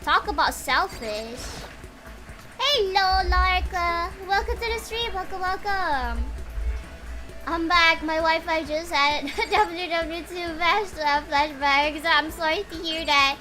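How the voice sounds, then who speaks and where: A woman with a high voice streams a game, chatting casually and excitably with her viewers. Loud game music plays under her voice throughout. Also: slow pace. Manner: excitable, chatty, talks to chat. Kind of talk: casual game livestream chat.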